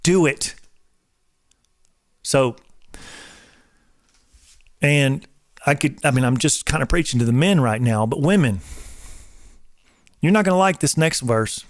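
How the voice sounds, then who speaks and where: A man's voice: medium pitch, expressive, slow, long pauses, no echo, clean studio sound. A man in his forties, a personal trainer and show host, talking casually and preaching in an emphatic, repetitive way like a drill instructor. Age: 40s.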